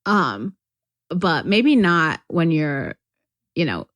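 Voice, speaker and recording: A woman's voice: low voice, big pitch swings, drawn-out words, fairly bright tone, no echo, clean studio sound. Rambling young woman from North Carolina. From North Carolina, USA. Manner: rambling storyteller, filler-heavy, laughs often. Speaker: podcast co-host. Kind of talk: casual chat.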